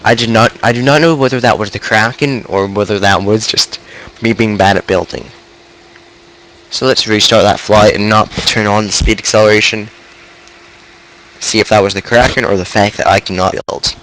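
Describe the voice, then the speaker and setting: A game streamer congested with a cold gives casual let's-play commentary, rambling, thinking aloud and poking fun at himself as he plays. His lowish voice is steady and a bit bright at normal speed, on a low-quality recording.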